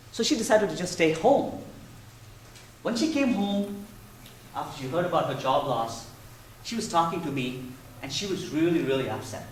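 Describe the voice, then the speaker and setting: A man in his thirties giving a prepared contest speech in playful, animated storytelling. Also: fairly high pitch, a little hiss or hum. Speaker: contest speaker. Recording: echoey hall, mic far off.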